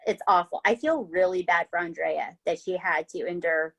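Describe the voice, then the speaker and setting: A woman's voice: on the low side, moderate pace, a bit bright. Chatty woman podcaster telling a true-crime story. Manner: chatty, swears, tags lines with "right?" and "okay?". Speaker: podcast host.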